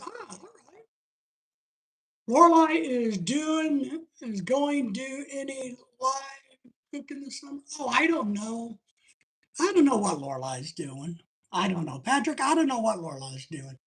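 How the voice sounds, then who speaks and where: A woman hosting a live stream in casual chat, rambling and chatty as she reads viewer comments aloud. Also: high-pitched.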